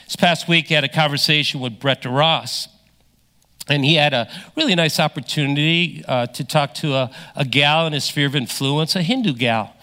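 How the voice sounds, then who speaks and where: Middle-aged guy preaching, high bright voice, punches words then goes quiet. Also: normal speed. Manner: emphatic preaching, swinging from loud to hushed. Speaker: pastor. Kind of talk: sermon.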